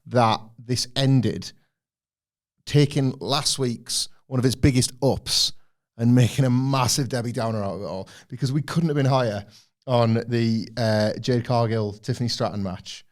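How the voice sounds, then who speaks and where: Hoarse sardonic man ranting. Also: mid-range voice, unhurried. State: hoarse, losing his voice. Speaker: wrestling podcast co-host. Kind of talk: casual review chat.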